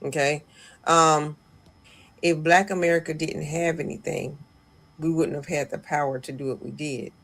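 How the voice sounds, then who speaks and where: A woman's voice: sits low, fairly even intonation, moderate pace, fairly bright tone. A woman in an online clip speaking insistently, lecturing her listeners. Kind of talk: online video commentary.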